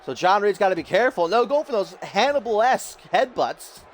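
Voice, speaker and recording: A man doing jokey, excitable play-by-play commentary over a wrestling video game, getting loud at the big moments. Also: high voice, fairly quick, slight background noise.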